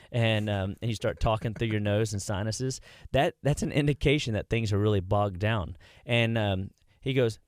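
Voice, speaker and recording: Chatty man with a low voice. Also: normal speed, darkish tone, no echo, studio quality. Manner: chatty, rambling anecdotes with many restarts. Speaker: health clinic practitioner, radio guest. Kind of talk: casual radio interview storytelling. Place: radio studio.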